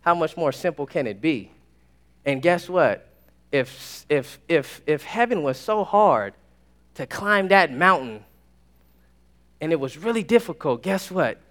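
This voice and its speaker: Young male preacher, high-pitched, excitable campus sermon, hushed asides and bursts of shouting. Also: measured pace, long pauses.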